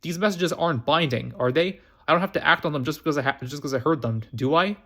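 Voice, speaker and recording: A man reading aloud as a worried young journalist, defensive and questioning. The voice is slightly high with small stumbles. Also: quick pace, sharp tone.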